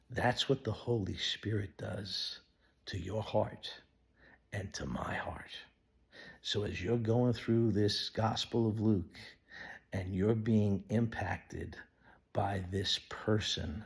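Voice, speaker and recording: A man giving an earnest devotional Bible teaching, sometimes dropping to a hushed whisper. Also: lowish voice, gravelly, husky. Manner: acts out quoted voices of people in the story. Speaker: pastor.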